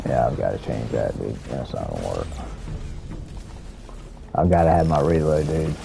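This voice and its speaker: Gravelly-voiced man rambling over gameplay. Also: very deep voice, very animated, normal speed, over music, low-quality recording. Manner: rambling, thinks aloud, frequent fillers. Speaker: gaming streamer, military veteran. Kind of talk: casual let's-play commentary.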